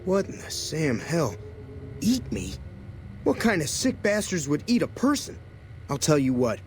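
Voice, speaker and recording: An actor playing a spoiled, brash young rancher's son with rough rural speech in a video game. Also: male voice, on the high side, huge pitch swings, a little slow, a little hiss or hum.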